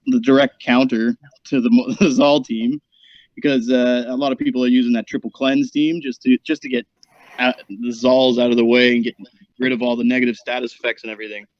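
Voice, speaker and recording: A man's voice: medium pitch, dry recording. Man, gaming co-host, hesitant, lots of fillers, dry, dull lo-fi mic. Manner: hesitant, many fillers while reading stats. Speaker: co-host giving the meta report. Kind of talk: casual gaming commentary.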